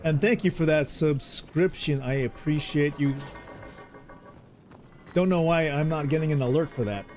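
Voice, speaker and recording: A man chats casually while streaming a game, rambling, relaxed and prone to correcting himself partway through sentences, with game music in the background. He speaks at a moderate pace with frequent pauses, in a darkish voice on the high side.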